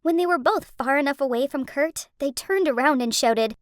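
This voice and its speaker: A woman narrating an animated story in the first person, emotional and dramatic, on a close studio mic. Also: sits high, normal speed, hardly any pauses, no room sound.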